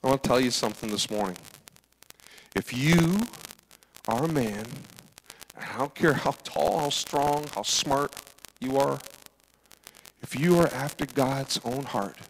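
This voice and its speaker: A man preaching a sermon as pastor, acting out dialogue with big swings from loud to hushed. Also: mid-range voice, a little slow, long pauses, poor audio.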